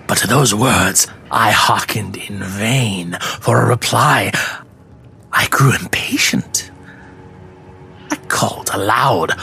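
A man giving a slow, theatrical dramatic reading of a classic horror story, dropping into hushed whispers for dread. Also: lowish voice, lively intonation, vocal fry, faint music behind. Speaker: narrator.

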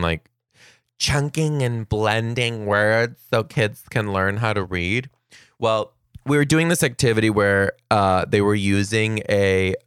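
Young guy podcast host, low gravelly voice, goofy storytelling, dry close mic. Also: no room sound. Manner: animated, jumps into high-pitched voices for quoted kids. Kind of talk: comedic storytelling monologue.

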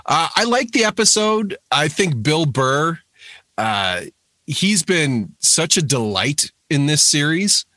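A man's voice: on the high side, very animated, takes it slowly, pushed and bright, no room sound. A man chatting on a podcast, rambling enthusiastically with frequent restarts. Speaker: podcast panelist. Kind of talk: casual podcast chat.

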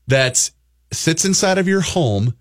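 A man hosting a casual radio talk show, telling stories in an animated way and acting out the quotes. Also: on the high side, takes it slowly. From Minnesota. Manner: animated storyteller, acts out quotes.

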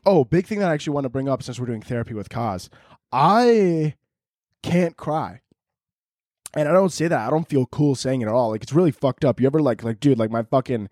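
A young man hosts a solo podcast from home, sprawled on pillows, rambling crudely and cracking himself up. His medium-pitched voice is fast, expressive and warm, captured through headphones and a podcast mic with clean studio quality and no room sound.

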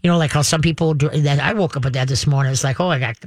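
A man's voice: on the high side, steady tone, fast talker, no room sound. A man hosting a call-in pet advice show, folksy and reassuring, rambling with frequent restarts. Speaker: pet advice radio host.

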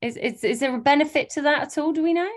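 A woman's voice: high-pitched, fast. A woman co-hosting a parenting podcast, chatting casually and asking curious questions. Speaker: podcast co-host. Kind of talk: casual chat.

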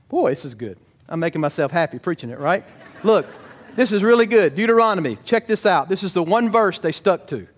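A man preaches a sermon, animated and lively. He keeps turning to the congregation with rhetorical questions. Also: high-pitched, brisk. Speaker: pastor.

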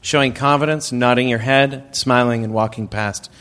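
A man guest speaking plainly and matter-of-factly, pausing often with fillers. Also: mid-range voice, steady tone, heavy background noise. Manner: matter-of-fact, halting, many uh fillers. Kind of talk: live audience Q&A chat.

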